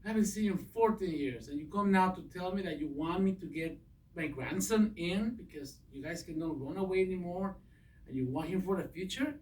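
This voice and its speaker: A man in an acting class playing an angry, heartbroken father confronting his estranged daughter, speaking in halting, restrained lines. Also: sits high, a little mellow, natural voice. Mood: reproachful. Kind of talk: acting class scene work. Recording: roomy echo, distant mic.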